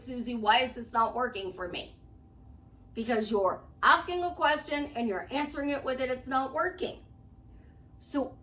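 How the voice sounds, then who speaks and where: A woman's voice: high-pitched, a bit bright, distant mic. A woman life coach giving a chatty, emphatic motivational talk to camera at home, acting out what her clients say.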